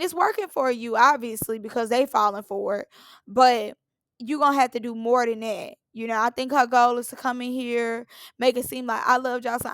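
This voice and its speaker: A woman's voice: fairly high pitch, dry recording. A woman, giving a sassy, opinionated recap of a reality show in a casual, blunt way.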